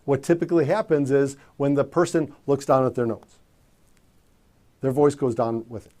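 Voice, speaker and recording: A man teaching communication skills in a measured, emphatic coaching manner. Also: mid-range voice, steady tone, warm tone. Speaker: communication trainer. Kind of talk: instructional presentation.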